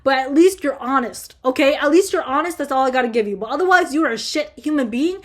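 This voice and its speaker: Young woman with a high voice going off on a rant, swearing nonstop, lots of likes and ums. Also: lively intonation, quick pace. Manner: profane, heated ranting with constant fillers. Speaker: vlogger answering viewer questions. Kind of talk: casual ranting chat.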